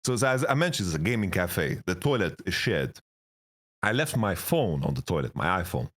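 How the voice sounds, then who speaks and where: Animated young man telling wild stories. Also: deep voice, a little fast. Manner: animated, swears, laughs often, acts out voices in quotes. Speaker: esports coach, guest. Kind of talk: casual storytelling interview.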